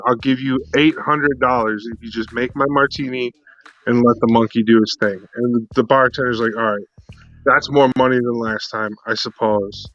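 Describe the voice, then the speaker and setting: A man's voice: mid-range voice, a bit bright. Man, co-host, rambling foul-mouthed joke teller; slightly muffled recording, faint music. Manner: profane, rambling storyteller. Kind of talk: casual joke telling.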